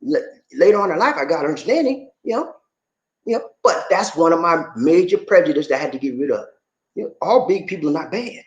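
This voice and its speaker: A man hosting his own show, explaining things to viewers casually in an animated, playful way and teasing the audience. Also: on the high side, a little fast. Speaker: host. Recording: echoey room.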